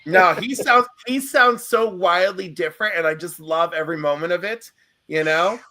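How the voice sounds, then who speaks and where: A man's voice: high voice, moderate pace, sharp tone, slight background noise. A man from the United States joking playfully in a casual group chat.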